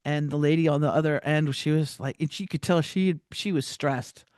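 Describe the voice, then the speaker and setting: A woman telling a personal story as a podcast guest, animated, with many restarts and acted-out quotes. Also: deep voice, normal speed, no echo.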